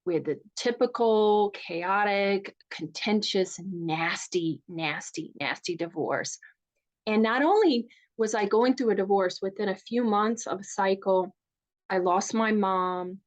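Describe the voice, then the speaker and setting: A woman with a Southern US accent, from rural Virginia, who coaches on divorce recovery. She talks people through a soft guided meditation and tells her own story in an earnest way. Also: medium pitch, measured pace. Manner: soft, calm, guiding. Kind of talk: guided meditation and workshop talk.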